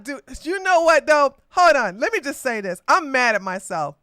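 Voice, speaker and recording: A woman's voice: sits high, big pitch swings, normal speed, hardly any pauses, a bit bright, no echo. A woman hosting a livestreamed political commentary podcast, talking in a combative, mocking way with frequent laughter. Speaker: podcast host.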